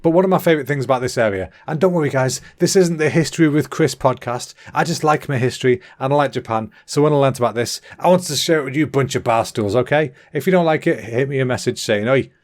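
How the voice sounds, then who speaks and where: Rambling, sweary English podcast host. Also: male voice, mid-range voice, quick pace, hardly any pauses. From England. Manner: rambling, sweary, cheeky, self-interrupting. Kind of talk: rambling solo comedy monologue.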